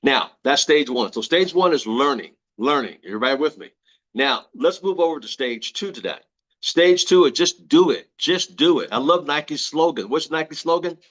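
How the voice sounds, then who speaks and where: A man's voice: fairly high pitch, lively intonation, moderate pace, a bit bright, highs cut off. A man giving a motivational talk to an audience, emphatic and repeating his key phrases, asking the crowd questions. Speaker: motivational speaker.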